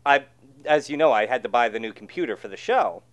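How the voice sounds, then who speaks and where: A man's voice: medium pitch, animated, brisk. A man co-hosting a show in casual chat, easygoing and self-deprecating. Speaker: co-host.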